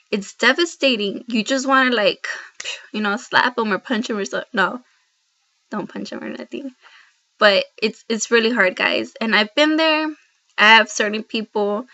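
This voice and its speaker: Woman, devotional vlog, earnest, rambling, talks to viewers, clear bright voice, dull lo-fi laptop audio. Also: fairly high pitch. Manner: heartfelt, rambling, addresses viewers directly. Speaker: Christian vlogger. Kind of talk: earnest devotional talk to camera. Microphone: laptop built-in mic.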